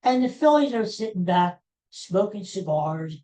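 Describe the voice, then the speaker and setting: A woman's voice: medium pitch, lively intonation, measured pace, dark tone, low-quality recording. A woman hosting a podcast, delivering an exasperated, sarcastic solo sports rant. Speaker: podcast host.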